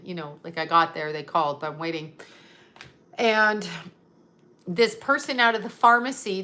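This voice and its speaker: Blunt, bright-voiced woman psychic on a livestream. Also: fairly low pitch. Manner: blunt and profane, rambling asides; reads out comments and answers them in turn. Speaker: psychic medium hosting a livestream. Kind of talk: casual livestream chat, reading viewer comments aloud.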